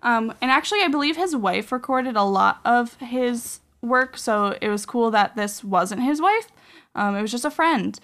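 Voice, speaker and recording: A woman's voice: on the high side, expressive, moderate pace, fairly bright tone. Chatty woman host, lots of ums. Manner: rambling, filler-heavy with many "um" and "like". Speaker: podcast host. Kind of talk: casual storytelling chat.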